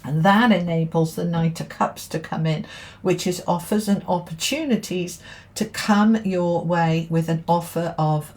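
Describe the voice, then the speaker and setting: A woman's voice: on the low side, a little mellow. A middle-aged woman giving a casual tarot reading to camera, chatting and checking in with her listeners as she goes. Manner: chatty, keeps checking in with "okay?" and "all right?". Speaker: tarot reader and spiritual teacher.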